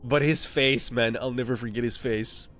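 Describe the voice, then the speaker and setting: A man's voice: mid-range voice, fairly even intonation, moderate pace, fairly bright tone, faint music behind. Laughing, swearing young guy streamer. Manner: laughs often, swears freely, many restarts. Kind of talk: casual storytelling to a live chat. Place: home streaming setup.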